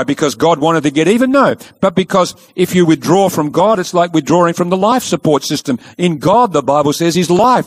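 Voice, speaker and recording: A man preaching a sermon, telling the story in a lively way and acting out the quoted speech. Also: high-pitched.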